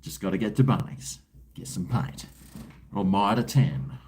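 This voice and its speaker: A man's voice: fairly low pitch, animated, measured pace, darkish tone, a little hiss or hum. A man with an Australian accent hosting a casual livestream, rambling in a laid-back way, reading out viewer messages, with crude slang and chuckles. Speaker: livestream host. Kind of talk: casual livestream chat while drinking.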